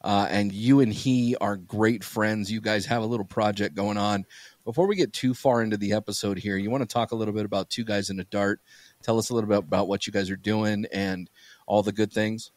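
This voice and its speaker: A man's voice: lowish voice, fairly even intonation, fairly quick, a little mellow, no echo. A man hosting a podcast, telling rambling stories in a loose, casual way. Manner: rambling storyteller, lots of fillers and restarts. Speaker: podcast host.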